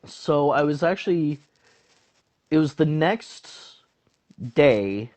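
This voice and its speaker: A man's voice: on the high side, expressive, takes it slowly, a little mellow. A man, a podcast guest, telling a rambling story in casual chat, full of fillers and restarts.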